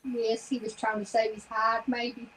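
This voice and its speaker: A woman co-hosting, chiming in with short, quiet remarks in a casual chat. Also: a little high, monotone, measured pace, slight background noise, poor audio. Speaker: co-host.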